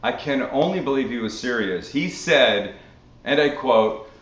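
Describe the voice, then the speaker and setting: A man from Canada hosting a live cooking Q&A, chatting casually with animated, swearing asides. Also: mid-range voice, a little slow. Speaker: cooking show host. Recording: roomy, dull lo-fi sound.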